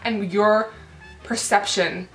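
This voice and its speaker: A woman's voice: mid-range voice, fairly even intonation, slow pace, fairly bright tone. A woman vlogger telling an angry storytime rant, full of fillers and swearing. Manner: indignant, filler-heavy, swearing. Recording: roomy echo with faint music.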